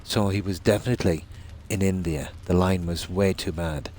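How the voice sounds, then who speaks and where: A man's voice: low voice, fairly even intonation, normal speed, darkish tone, a little hiss or hum. A man streaming a game, chatting casually and telling long rambling stories. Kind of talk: casual chat while gaming.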